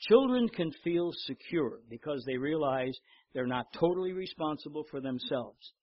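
An older man preaching a sermon, telling stories with lively repetition and reading scripture aloud. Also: on the high side, normal speed, no echo, muffled recording. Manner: storytelling, animated in anecdotes, repeats words. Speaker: pastor.

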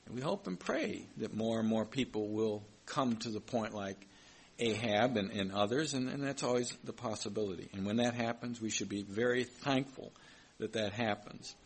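Husky-voiced man preaching. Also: on the low side, normal speed, rough recording. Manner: reads scripture aloud and comments, with hesitant restarts. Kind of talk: sermon with Bible reading.

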